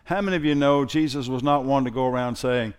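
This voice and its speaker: A man's voice: mid-range voice, fast talker, clear, resonant tone. A male pastor preaching to a congregation, conversational at first and building in force. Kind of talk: sermon.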